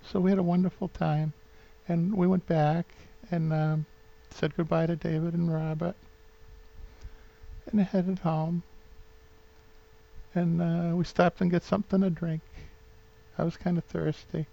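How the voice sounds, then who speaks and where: A man's voice: a little high, little pitch movement, measured pace, vocal fry, long pauses, lo-fi sound. A man in his fifties with a New England accent rambles sentimentally through a home vlog, full of fillers and restarts. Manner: sentimental, gets openly emotional. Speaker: vlogger.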